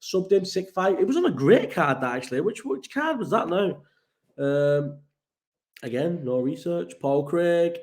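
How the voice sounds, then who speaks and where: A man's voice: a little high, expressive, measured pace, a little mellow. A man from Bolton, hosting casual fight talk, thinking aloud and swearing. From Bolton, England. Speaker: host. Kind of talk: casual solo fight commentary.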